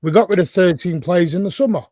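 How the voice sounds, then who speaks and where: A man's voice: high voice, fast talker, dark tone, dry recording, studio quality. Blunt, exasperated man arguing football. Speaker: podcast panelist. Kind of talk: heated football debate.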